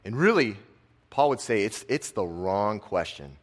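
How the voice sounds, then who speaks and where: A young man giving a casual, conversational sermon, dropping his voice soft on key lines. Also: lowish voice, expressive, measured pace. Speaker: preacher and football coach.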